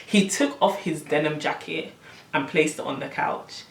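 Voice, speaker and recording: A young woman telling a story on her vlog, animated and exasperated, full of slang. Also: low-pitched, moderate pace, creaky, far from the mic. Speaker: vlogger. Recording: roomy, camera set back.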